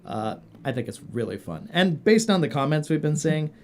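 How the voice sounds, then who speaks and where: A man's voice: a little high, big pitch swings, moderate pace, slight background noise. A man hosting a casual detailing podcast, upbeat and joking as he steers the talk. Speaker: show host.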